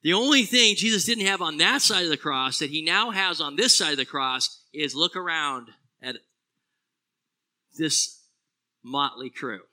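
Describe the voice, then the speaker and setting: Pastor guy preaching a sermon, high-ish voice, really bright and punchy, gets loud then goes hushed. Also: measured pace. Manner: animated, swings from loud exclamations to hushed low phrases.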